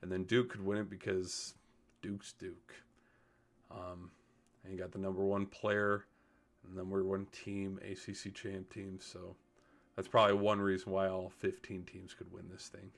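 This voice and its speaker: A man talks through sports picks on a live stream in a casual, rambling way. He thinks out loud, corrects himself, and drops the odd swear word. His voice sits a little on the low side. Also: completely flat delivery, a little slow, vocal fry.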